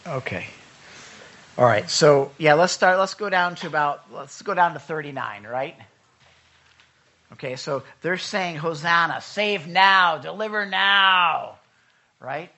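Bright, animated male preacher. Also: fairly high pitch, unhurried, long pauses. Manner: conversational, swings from loud urging to hushed reading. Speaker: pastor. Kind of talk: sermon.

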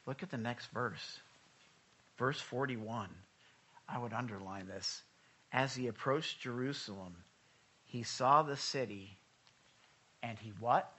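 A man preaching a sermon in a conversational way, urging his listeners loudly one moment and reading scripture in a hushed voice the next. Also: medium pitch, slow pace, pauses often, slight background noise. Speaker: pastor.

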